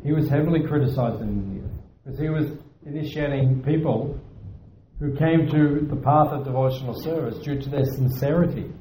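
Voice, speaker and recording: A man's voice: mid-range voice, a little fast, warm tone, a little hiss or hum. A man teaching at a temple, giving a devotional lecture in an earnest, self-deprecating way and repeating his points for emphasis. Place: temple hall. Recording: echoey hall.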